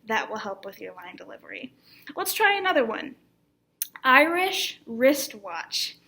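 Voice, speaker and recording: A woman teaching an online acting class, speaking with clear, deliberate articulation and an encouraging manner. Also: medium pitch, huge pitch swings, pushed and bright. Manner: encouraging instructor.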